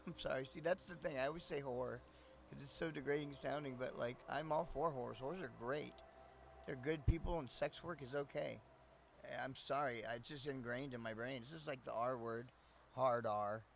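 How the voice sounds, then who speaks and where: A man's voice: medium pitch, moderate pace, gravelly, slight background noise. A man chatting casually on a live stream, rambling and swearing often, laughing between thoughts.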